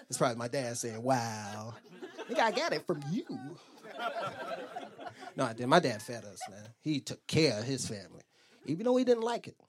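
A man doing a stand-up comedy set, animated and profane, jumping into high squeaky voices when he quotes people. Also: normal speed, pauses often. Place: comedy club stage. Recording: roomy club sound with a laughing crowd.

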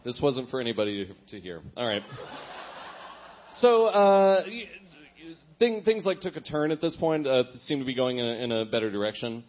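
A man's voice: medium pitch, big pitch swings, moderate pace, lo-fi sound, slight background noise. A young man doing a comic reading of his teenage diary, with wry, self-mocking asides and frequent chuckles. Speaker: comedian reading his old diary aloud.

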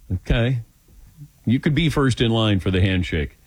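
A man's voice: fairly low pitch, normal speed, dry recording. An older man hosting a radio call-in show, telling self-deprecating stories and acting out quotes in a casual chat. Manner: self-deprecating, animated storytelling with acted-out quotes. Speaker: radio talk show host.

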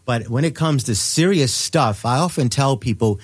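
A man's voice: mid-range voice, moderate pace, slightly rough. A man in his fifties with a Bronx New York accent, a veteran news reporter telling stories as a guest in a radio interview and acting out quotes. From New York City. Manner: animated storyteller, acts out quotes.

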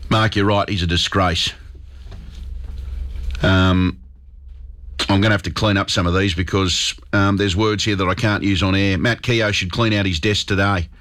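A man's voice: on the low side, a bit bright. A man with an Australian accent hosting a talkback radio show, speaking with fired-up, indignant emphasis into a studio microphone. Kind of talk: talk radio commentary.

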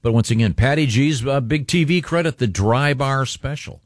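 A man's voice: medium pitch, normal speed, no room sound, studio quality. Teasing male show host. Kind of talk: casual chat.

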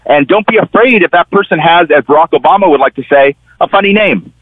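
A man's voice: fairly high pitch, a little fast, dry recording. A middle-aged man, a newspaper columnist and guest, telling stories animatedly and acting out the people he quotes. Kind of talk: conversational political commentary. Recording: tinny phone line.

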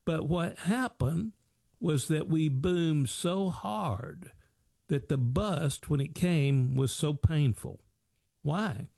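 An American man hosts a financial advice talk show in a radio-style monologue, his fairly high voice gravelly and dark as he speaks slowly. He's folksy and repetitive, leaning on old sayings and rhetorical questions. The sound is dry, studio quality.

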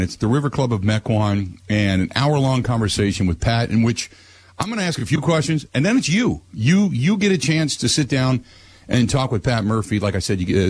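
A man hosting a radio talk show, giving blunt opinions and ranting, his voice climbing high when he gets worked up. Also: darkish tone.

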